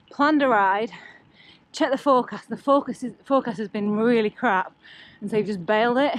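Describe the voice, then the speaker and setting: A woman's voice: a little high, no echo. A woman chatting casually to camera on a bike ride, bubbly and exclamatory. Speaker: cycling vlogger. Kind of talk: casual vlog chat to camera while cycling. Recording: outdoor road noise, music underneath.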